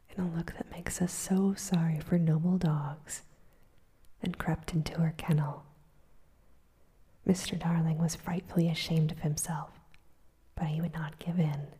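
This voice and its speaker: A woman reading a storybook aloud in a breathy whisper, softly voicing the characters' lines. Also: low voice, little pitch movement. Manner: soft, unhurried reading that voices the characters' lines.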